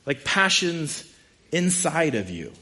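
A man preaching a sermon in a conversational, animated way, with frequent asides. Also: a little high, slow. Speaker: pastor.

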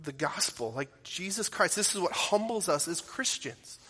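With lively intonation and a moderate pace, a male pastor puts earnest, direct questions to his congregation during a sermon. His voice is a little high, husky yet bright and forceful, echoing with the long reverb of a big sanctuary.

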